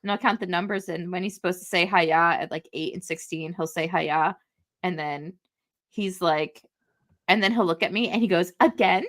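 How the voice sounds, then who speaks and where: A woman co-hosting a podcast, chatting casually and telling animated stories with frequent laughter. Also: lowish voice, moderate pace. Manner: animated storyteller, laughs often. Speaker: podcast co-host. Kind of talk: casual chat.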